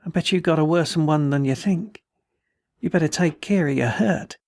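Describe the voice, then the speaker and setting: A man's voice: fairly high pitch, normal speed, darkish tone, no echo, studio quality, lightly acted. A man voicing a wounded, tattered male soldier who rambles in a folksy, slurred, way. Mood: worried. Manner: folksy, pleading, words slurred.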